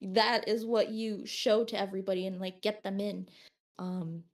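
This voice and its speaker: A woman's voice: mid-range voice, normal speed. A woman streamer chatting casually, telling stories with lots of giggles. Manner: giggly, animated storytelling.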